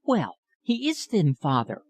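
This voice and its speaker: A man's voice: high-pitched, huge pitch swings, a little slow, a little mellow, breathy edge, pitched above the performer's own voice, exaggerated voice. A man reading an audiobook voicing a plump, teasing young woman who bosses her family about.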